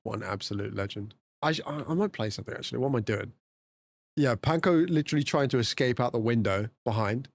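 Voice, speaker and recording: Lively man chatting on stream. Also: fast talker, gravelly. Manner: chatty, laughing, swings between low mutters and high exclamations. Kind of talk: casual live-stream chat.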